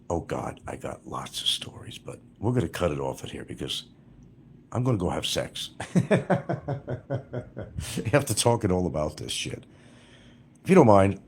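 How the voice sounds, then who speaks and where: Deep husky man telling crude stories. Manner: crude, profane and rambling. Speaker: livestreamer. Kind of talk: rambling livestream storytelling.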